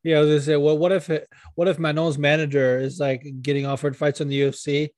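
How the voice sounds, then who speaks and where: A man with a fairly high voice, co-hosting a casual podcast chat. He rants with excitable energy and swears often. The sound is dry and close, with no room echo. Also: quick pace. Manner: profane, excitable ranting. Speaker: podcast co-host.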